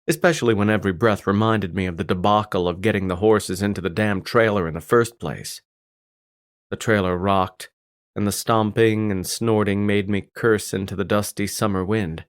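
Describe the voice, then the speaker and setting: A man narrating a first-person audiobook in a gruff, irritated tone. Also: fairly low pitch, fairly even intonation, moderate pace, dry recording, clean studio sound.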